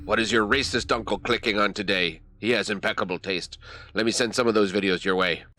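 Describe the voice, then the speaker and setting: A man voicing a scheming, smug male forest overlord spirit in a slow, mock-sinister comedic monologue. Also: on the low side, steady tone, sharp tone, no echo. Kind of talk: comedic sponsor-style skit.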